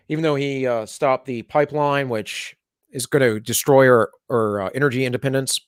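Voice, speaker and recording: A man's voice: medium pitch, fairly even intonation, brisk, clean tone, no room sound, studio quality. A man co-hosting a live talk show, reading news headlines aloud and mocking them with sarcastic asides. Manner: sarcastic, mocking, slips into mock voices. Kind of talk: casual political banter, reading headlines aloud.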